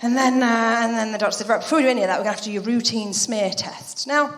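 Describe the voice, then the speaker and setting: A woman's voice: on the high side, fairly bright tone. A woman performing a live stand-up set on a theatre stage, brash and sweary, acting out the people in her stories. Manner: brash, swearing, quick act-outs of others. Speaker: stand-up comedian. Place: theatre stage before a laughing audience. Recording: roomy hall reverb, live venue.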